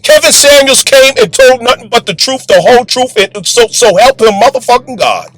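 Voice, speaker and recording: A man delivering forceful, preachy commentary in a profane, combative way. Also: very high voice, animated, normal speed, no room sound, rough recording. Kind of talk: preaching commentary over music. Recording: music bed under voice.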